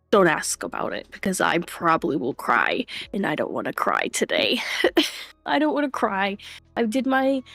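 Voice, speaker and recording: This livestreamer, a young woman at home on a desk microphone, speaks in a mid-range voice with no echo. She chats casually, greets viewers by name as she reads the chat and laughs a lot.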